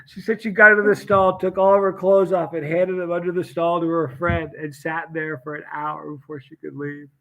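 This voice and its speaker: Brief Man, somewhat higher voice, casual live-stream host, animated storyteller who acts out the people in his stories. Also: moderate pace, narrow, tinny audio.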